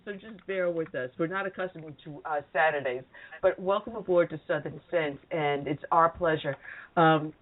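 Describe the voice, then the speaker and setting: A woman hosting a radio talk show, chatty and quick to laugh at herself. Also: deep voice. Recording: phone-like call-in audio.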